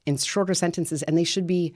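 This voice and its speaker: A woman talking as a guest on a podcast, explaining communication advice with lively storytelling. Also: lowish voice, brisk. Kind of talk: podcast conversation.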